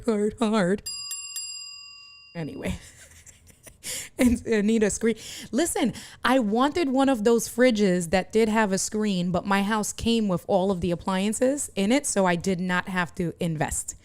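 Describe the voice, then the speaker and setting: A woman's voice: mid-range voice, normal speed, darkish tone. A woman live streamer chatting casually from her home setup, reacting to viewer comments and laughing often. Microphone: desk streaming mic through a mixer.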